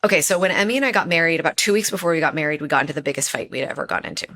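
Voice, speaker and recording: A woman's voice: low voice, rapid-fire, bright, forceful tone. A woman guest on a podcast, a relationship expert speaking earnestly and telling personal stories, repeating phrases for emphasis. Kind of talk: casual interview chat.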